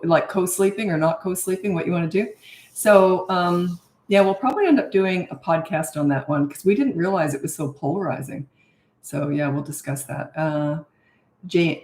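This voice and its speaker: A woman's voice: on the low side, darkish tone. Chatty older woman hosting a live Q&A. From Canada and Australia. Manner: chatty, reads out viewers' hometowns, laughs often. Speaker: parenting coach hosting a live Q&A. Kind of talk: casual live-stream chat. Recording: roomy echo.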